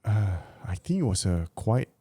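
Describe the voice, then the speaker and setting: Man, podcast co-host, low gravelly voice, dark and dry sound, quiet and agreeable. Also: sing-song, moderate pace, no echo. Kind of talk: casual chat.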